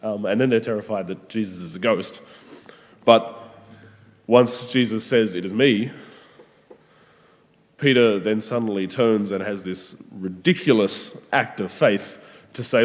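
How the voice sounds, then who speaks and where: A man giving a gentle, conversational sermon reflection with frequent pauses and restarts. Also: fairly low pitch. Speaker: preacher. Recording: long hall reverb.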